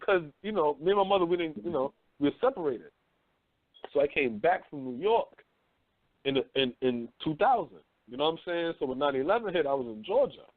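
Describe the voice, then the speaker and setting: A man in his thirties hosting a casual talk radio show, swearing freely and telling animated stories. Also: on the high side, fairly quick, dry recording. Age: 30s. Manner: loose, profane, animated storytelling. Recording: phone-line call-in radio, dry.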